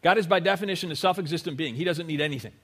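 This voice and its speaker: A man's voice: a little high, very fast, a bit bright, husky. A man preaching a sermon to his congregation in a church, talking to them conversationally, often checking in with "right?" and acting out little quotes. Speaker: pastor. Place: church sanctuary.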